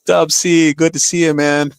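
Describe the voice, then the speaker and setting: A man's voice: fairly high pitch, little pitch movement, moderate pace, creaky, clean tone, no echo. A man hosting a livestream, chatting casually and upbeat, reading viewer comments aloud with many fillers. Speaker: livestream host.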